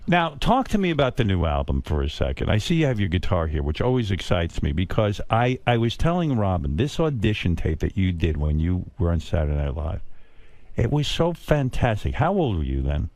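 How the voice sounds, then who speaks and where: Blunt, lively-voiced older male radio host. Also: sits low, fairly quick, no echo. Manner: blunt, teasing, stammering restarts. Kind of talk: casual interview chat.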